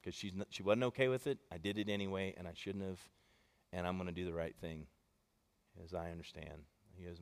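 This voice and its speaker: A man's voice: deep voice, fairly quick, long reverb tail. A male pastor giving a sermon, telling personal stories in a conversational way and addressing the congregation directly.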